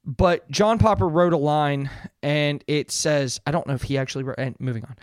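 A man's voice: a little high, normal speed, clear, resonant tone, no echo, clean studio sound. A man in his thirties hosting a casual solo podcast, talking earnestly in a rambling way with many fillers and restarts. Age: 30s. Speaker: podcast host.

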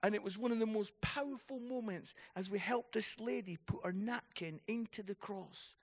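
Gravelly man preaching at a conference. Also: high-pitched, normal speed. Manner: storytelling, building to passionate exhortation. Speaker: speaker. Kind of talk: conference sermon. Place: conference hall.

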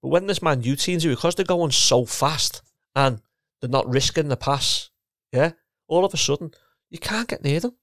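The speaker, a middle-aged former footballer and coach, rambles through a casual chat, repeating words and restarting sentences again and again. He talks at normal speed with hardly any pauses in a fairly high, slightly bright voice, recorded dry and at studio quality.

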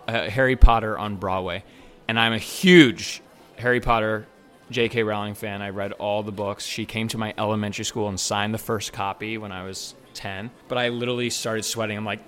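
A man who works as a bartender and server, telling a personal story in a casual, animated way and acting out the dialogue he quotes. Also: on the low side.

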